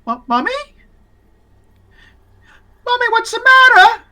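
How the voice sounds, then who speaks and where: A man voicing an eerie little boy who only wants to play, with a high, pleading singsong voice. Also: big pitch swings, takes it slowly, sharp tone, heavily acted. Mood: frantic.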